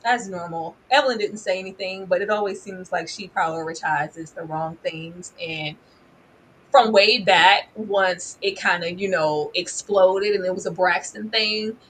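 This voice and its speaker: A woman reviewing a reality show in casual commentary, animated and slangy, laughing often. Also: lowish voice, a little hiss or hum, poor audio.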